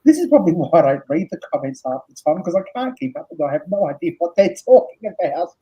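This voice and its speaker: Woman, husky, tired, lively pitch, dull lo-fi sound. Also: quick pace. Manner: chatty, laughs often, reads comments aloud. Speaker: host. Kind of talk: casual live chat. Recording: dull lo-fi stream audio.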